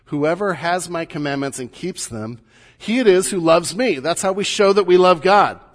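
A middle-aged man, a pastor, preaching a sermon in a conversational, teaching way with light humor, recorded in a church sanctuary. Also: high voice. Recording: long hall reverb.

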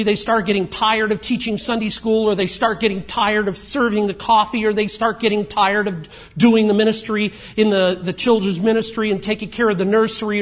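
A man preaching a sermon in a conversational way, moving between emphatic points and quiet asides. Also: high-pitched. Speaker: pastor.

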